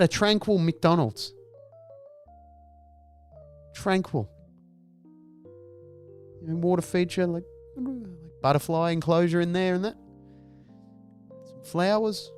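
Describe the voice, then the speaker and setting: A man giving a profane, exasperated comic monologue as a podcast host and stand-up comedian. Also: high-pitched. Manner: exasperated ranting, profane, acts out noises.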